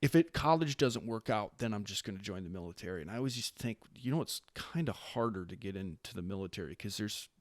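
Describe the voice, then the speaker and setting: A Marine staff sergeant in his late thirties, originally from Wisconsin, is a guest on a podcast, telling stories in a relaxed, lively way with a lowish voice at a quick pace and hardly any pauses. He often restarts sentences and acts out the voices of people in his stories. The recording is dry and close, with no room sound or echo.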